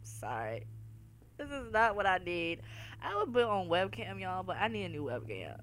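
Speaking at a moderate pace in a fairly low, sing-song voice, this woman runs a horror game let's-play over a faint hiss or hum. She curses, startles easily, and yells in fright, addressing her audience as "y'all."

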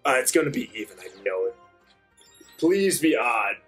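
A young man hosting a gaming channel, giving chatty, excitable let's-play commentary. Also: medium pitch, normal speed, slightly rough, faint music behind. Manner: excitable, chatty, bursts into cheers.

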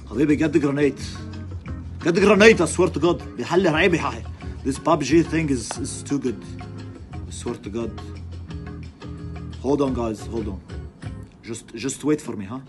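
A man playing an excited gamer yelling at teammates during a match. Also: medium pitch, normal speed, music in the background, natural voice. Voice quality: shouting, excited. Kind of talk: comedic phone prank skit.

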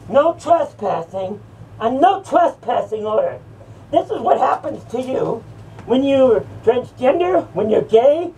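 A sneering male horror ghoul, put on by a woman, jeers and taunts, his high voice grinding with gravel as he breaks into shouts and cackles. He sounds set back from the mic, with a faint hiss of noise around him. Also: recorded from a distance, heavily acted, low-quality recording. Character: sneering male horror character mocking a church. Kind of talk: improvised character rant.

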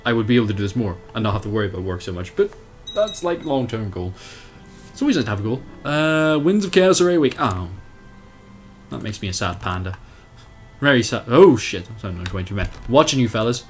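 A young man talks through his game at the desk, his voice rising and dipping all over the place as he swears at the screen and mocks himself. Keys clatter under his speech and faint game music runs quietly behind him. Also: mid-range voice, fairly quick. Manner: animated, swearing, self-mocking, talks to the game. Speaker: let's play host. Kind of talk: casual gameplay commentary.

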